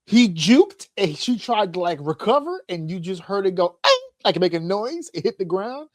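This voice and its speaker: Animated swearing podcast storyteller man. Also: sits high, moderate pace, no echo, studio quality. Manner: animated storyteller, acts out voices, swears freely. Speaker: podcast host. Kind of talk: casual comedic chat.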